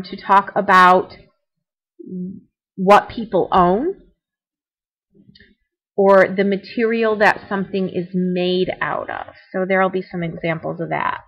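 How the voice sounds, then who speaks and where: Young woman teacher, mid-pitched, narrating a screencast lesson, chatty and repetitive explanations. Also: a bit bright, low-quality recording. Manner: explanatory, repeats points, conversational asides. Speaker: Spanish teacher. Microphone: computer mic for screencast.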